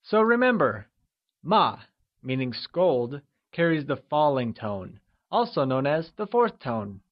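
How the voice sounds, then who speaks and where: Slow, encouraging male language teacher. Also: mid-range voice, very animated, dull audio. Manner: upbeat, encouraging, with slow, drawn-out modeled syllables. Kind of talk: scripted lesson narration.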